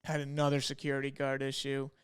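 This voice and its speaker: A man's voice: medium pitch, monotone, quick pace, smooth. A young man co-hosting a podcast, telling stories in a laid-back way full of "like" and "you know". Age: young adult. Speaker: podcast co-host. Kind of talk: casual storytelling chat.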